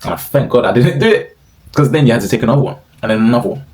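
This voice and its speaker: A man's voice: mid-range voice, animated, rapid-fire, a little mellow, rough recording. A young man giving slangy, profane, exclaiming commentary in a casual rant.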